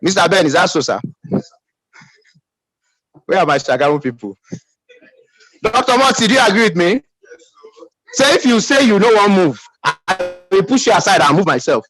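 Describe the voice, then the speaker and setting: Emphatic Nigerian man, lively high voice. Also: moderate pace, pauses often, breathy edge, no room sound, rough recording. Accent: Nigerian English. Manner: emphatic, calls for audience responses. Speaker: business team leader. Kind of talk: motivational pep talk.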